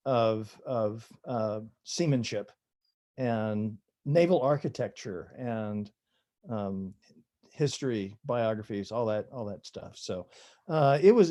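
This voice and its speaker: Older man with a mellow voice. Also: mid-range voice. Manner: chatty, self-deprecating, laughs at own stories. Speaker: author guest. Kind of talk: relaxed storytelling interview.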